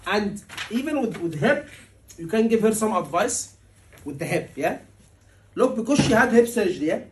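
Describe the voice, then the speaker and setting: A man teaching a surgery exam class, animated and asking his students questions often, acting out patient lines. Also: high-pitched, normal speed, noisy background. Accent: Liverpool. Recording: voice from a distance.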